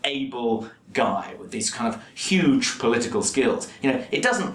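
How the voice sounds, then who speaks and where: A man's voice: medium pitch, fairly bright tone. A man giving sardonic, emphatic commentary in a documentary interview, with stumbling repeats. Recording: echoey room, faint noise.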